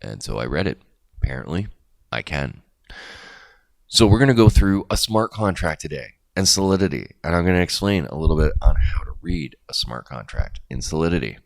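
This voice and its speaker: A man's voice: very deep voice, big pitch swings, fairly quick, gravelly, dry recording. A middle-aged man hosting a crypto video, explaining in a casual, rambling way with jokey asides.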